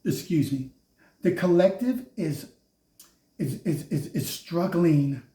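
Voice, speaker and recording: A man's voice: on the high side, slow pace, mellow. A man giving a casual spiritual tarot reading, preachy and mocking, often laughing at those he speaks of. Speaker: tarot reader. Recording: roomy echo.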